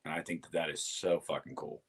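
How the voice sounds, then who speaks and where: A man who is a guest on a casual chat, talking with relaxed enthusiasm. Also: very deep voice, fairly quick, slight background noise.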